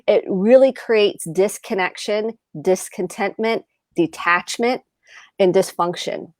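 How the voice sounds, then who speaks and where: A woman's voice: medium pitch, takes it slowly, no room sound, clean studio sound. A woman therapist on a video call, explaining earnestly and acting out example phrases as she goes. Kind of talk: video chat advice talk.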